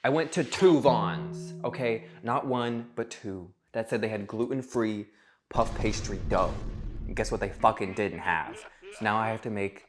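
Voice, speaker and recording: Sarcastic, swearing man in a cooking vlog. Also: lowish voice. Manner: sarcastic, profane, theatrical asides. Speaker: cooking vlogger. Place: home kitchen. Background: faint music.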